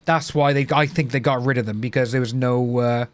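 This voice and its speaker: A man's voice: medium pitch, steady tone, brisk. A man chatting casually to his livestream viewers, blunt and ranting, swearing freely. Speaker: livestream host.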